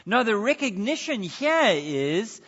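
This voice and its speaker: Bright, high-voiced preacher in a reverberant hall. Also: male voice, sing-song, slow, slightly rough. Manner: earnest, questioning, with slips and self-corrections. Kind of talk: sermon. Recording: dull sound with long hall reverb.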